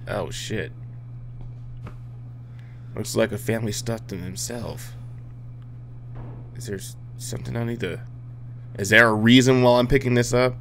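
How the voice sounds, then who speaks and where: A man's voice: medium pitch, fairly even intonation, measured pace, gravelly, pauses often, fairly bright tone, a little hiss or hum. A man playing a horror video game, joking, swearing and talking back at the characters as he explores. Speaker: gamer. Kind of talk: let's play commentary.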